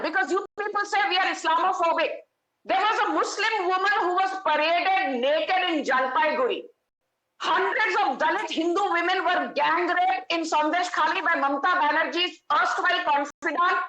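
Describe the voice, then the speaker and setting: A woman making forceful, emphatic rhetorical points on a TV debate panel. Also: very high voice, roomy sound, rough recording. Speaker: political commentator on a TV panel. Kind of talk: TV debate argument.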